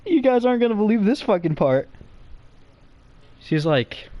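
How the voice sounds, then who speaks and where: A young man telling a comic story to friends in a rambling, profane, excitable way. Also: sits high, normal speed, pauses often, slight background noise.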